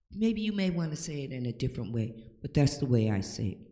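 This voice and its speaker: A woman's voice: rumbling low, big pitch swings, fairly quick, mellow. An older woman hosting a home-remedy talk, giving emphatic, preachy advice and often checking in with "okay?". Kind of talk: casual advice talk to camera. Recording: echoey room with long reverb.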